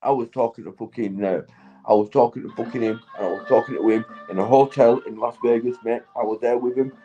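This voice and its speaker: British guy high on stream, rambly and sweary, laughs a lot, bit of music in the back. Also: steady tone, fast talker, mellow, dull audio. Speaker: livestreamer. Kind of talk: rambling casual livestream chat.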